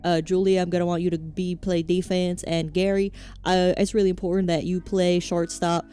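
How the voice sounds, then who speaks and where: A woman playing a blustering middle-aged Alabama football coach who rambles through a folksy pep talk in a Southern drawl. The voice sits low and mellow. Faint game music plays behind it. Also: flat delivery, moderate pace, smooth, close to an everyday voice. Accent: Southern American.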